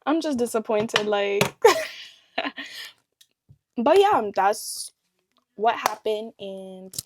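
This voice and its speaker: A young adult woman telling a storytime on her channel, blunt and profane, rambling and laughing often. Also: mid-range voice. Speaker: vlogger. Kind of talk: casual storytime chat.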